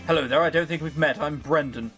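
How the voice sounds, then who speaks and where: A man's voice: a little high, fast, a bit bright, faint music behind, lightly acted. A man reading as an easygoing young barman. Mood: friendly.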